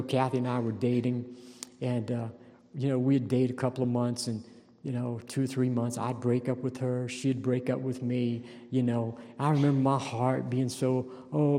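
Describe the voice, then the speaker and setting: A man's voice: mid-range voice, mellow. A male pastor with a Louisiana accent, preaching a folksy, emphatic sermon with bursts of intensity on scripture. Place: church sanctuary. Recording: long reverb of a large hall.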